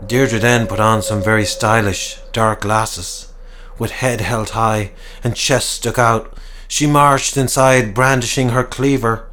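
A man's voice: on the low side, steady tone, slow, a bit bright, a little hiss or hum. A man narrating a comic horror tale in a wry, dramatic way. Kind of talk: storytelling narration.

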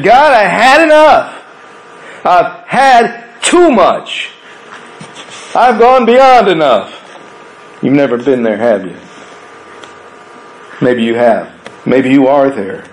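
A man preaching a sermon in a conversational way, asking rhetorical questions and swinging between raised emphatic lines and hushed low ones. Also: a little hiss or hum, poor audio. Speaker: pastor.

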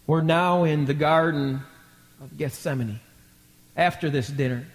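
A male pastor preaching a live sermon, asking the congregation questions and acting out quotes with sudden loud, high bursts. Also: measured pace. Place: church. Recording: long hall reverb from a church.

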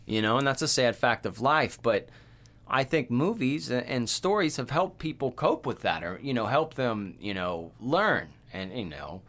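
A man's voice: mid-range voice, very animated, normal speed, fairly bright tone. A man co-hosting a casual horror movie podcast, laid-back and rambling, swearing often. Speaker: podcast co-host. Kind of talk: casual chat.

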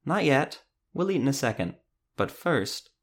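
A man's voice: medium pitch, very animated, measured pace, voice pushed up. A man narrator voicing a shy, affectionate young woman monster hunter who hesitates and trails off mid-sentence. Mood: tender.

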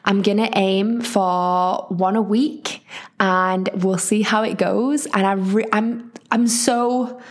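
A woman hosting a solo podcast, talking in a chatty, encouraging, rambling way. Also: mid-range voice. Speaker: podcast host.

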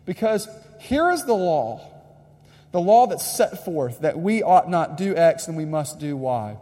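Emphatic preacher in a reverberant hall. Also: male voice, a little high, very animated, measured pace, dark tone. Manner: emphatic, addresses listeners directly, repeats key lines. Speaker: pastor. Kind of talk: sermon.

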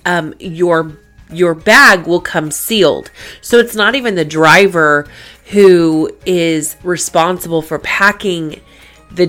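A middle-aged woman hosting her faith-based show, telling a personal story in a chatty, animated way and acting out her own reactions. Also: lowish voice. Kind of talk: casual storytelling monologue.

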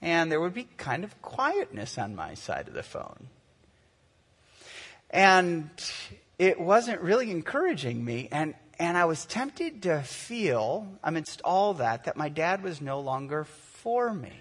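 Male pastor in his forties, slightly high voice, preaching in a conversational, story-led way, long hall reverb. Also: wildly swooping pitch, a bit bright. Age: 40s. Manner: conversational storytelling, slowing to earnest emphasis. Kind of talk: sermon.

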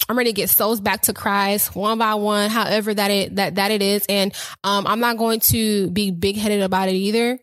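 Young woman, podcast host, excitable and rambling, mid-pitched, dry close sound. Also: normal speed, few pauses, no echo. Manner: excited, rambling, repeats phrases. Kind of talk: casual faith talk podcast.

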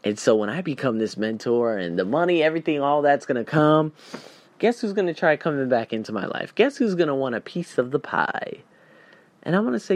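A man hosting a solo podcast, talking in an emphatic, animated way that swings between loud bursts and quiet reflection. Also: fairly high pitch, fairly quick, no echo. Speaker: podcast host.

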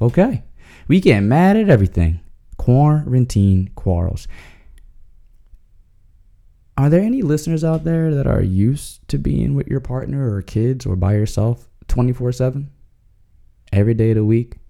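A man's voice: mid-range voice, lively intonation, normal speed, creaky, long pauses, mellow. A man hosting a podcast, talking in a slangy, joking way and chuckling as he goes. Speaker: podcast host. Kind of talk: casual comedic monologue.

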